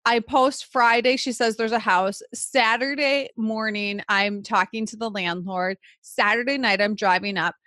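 A woman tells a story in animated podcast chat. Her voice sits a little high and stays lively, with plenty of "like" fillers. It is recorded on a dry, close microphone. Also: a little slow, few pauses, dry recording. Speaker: podcast co-host.

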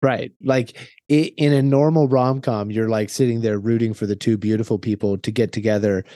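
A man's voice: on the low side, steady tone, a little fast, warm tone, no room sound. A man guesting on a casual film podcast, chatty and wry, laughing now and then. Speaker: podcast guest, co-host of another show.

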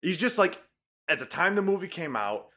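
A man's voice: sits high, big pitch swings, moderate pace, bright, forceful tone. A man co-hosting a podcast, ranting animatedly and swearing in casual chat. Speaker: podcast co-host.

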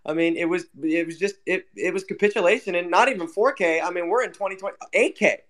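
High-pitched ranting, swearing man. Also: fast talker, fairly bright tone. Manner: ranting, heavy swearing, repetitive fillers. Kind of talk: casual chat on an audio stream.

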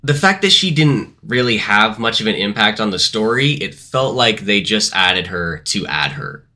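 A man's voice: lowish voice, lively intonation, normal speed, sharp tone. A man co-hosting a casual movie review podcast, rambling and correcting himself as he goes. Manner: rambling, self-correcting, hedging. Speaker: podcast co-host.

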